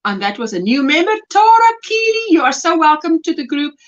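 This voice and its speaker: A woman from South Africa hosting a casual crochet livestream, chatty and animated, gushing over yarn and reading viewer comments aloud. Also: high-pitched, a little fast. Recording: dull lo-fi livestream audio.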